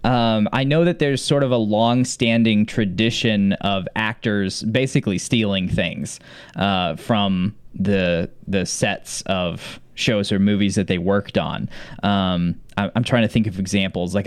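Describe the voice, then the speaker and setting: Smooth low-voiced male podcast co-host. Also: fairly even intonation, unhurried, no room sound. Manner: enthusiastic, laughs often, many fillers and restarts. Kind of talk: casual rewatch podcast chat.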